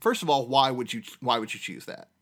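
Brief: mid-pitched male co-host, dry blunt humor, casual chat. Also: expressive, brisk, fairly bright tone. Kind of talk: casual movie podcast chat.

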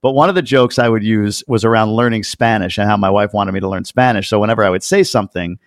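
A man hosting a podcast interview, telling stories in an animated way and swearing casually. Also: fairly low pitch, fast talker, no room sound, clean studio sound. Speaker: podcast host. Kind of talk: casual interview chat, storytelling.

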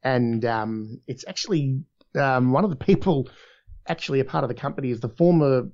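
An Australian man talks shop about voice work in an easy, animated way, slipping into quoted voices as he tells stories. His voice sits in the middle range. The recording is a little dull and muffled. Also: mid-range voice, normal speed. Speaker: voice actor. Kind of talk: casual conversation.

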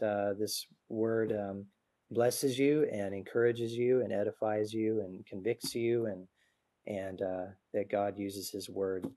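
Earnest preacher, informal tone. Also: male voice, fairly low pitch, mellow. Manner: earnest and informal, with light self-deprecating humor. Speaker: guest preacher. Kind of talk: conversational sermon. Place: church service before a congregation. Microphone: adjustable microphone on a stand.

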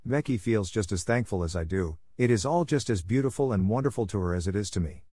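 A man voicing a gentle, hopeful young girl who speaks in an earnest, tender and polite way. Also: on the low side, animated, fast, husky, no echo, studio quality. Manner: earnest and tender, softly affectionate.

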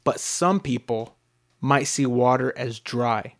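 A man co-hosting a podcast in casual chat, reading out figures and reacting excitedly, with casual swearing. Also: mid-range voice, slow pace. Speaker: podcast co-host.

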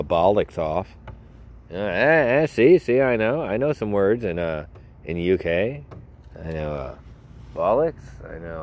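A man's voice: sits low, darkish tone. A young man hosting a podcast alone, rambling and joking at himself in casual chat. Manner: rambling, jokey, self-mocking. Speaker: podcast host. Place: outdoors.

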